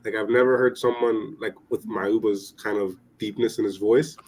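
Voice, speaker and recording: A young man with a slightly low voice, talking casually on a podcast. He rambles and restarts his sentences, with "like" all through his speech. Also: fairly even intonation, normal speed, a little mellow, a little hiss or hum, rough recording.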